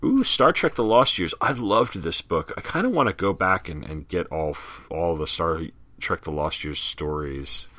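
A man's voice: low voice, expressive, moderate pace, pushed and bright, no echo. A man hosting a casual podcast, reading glossary terms and old ads aloud with chatty asides. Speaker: podcast host.

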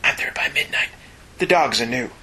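A man reading a gruff tough male hero's hard-boiled inner monologue in a hushed, low, growly half-whisper. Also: animated, moderate pace, exaggerated voice, low-quality recording. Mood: menacing, hushed. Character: gruff tough male loner mutant hero.

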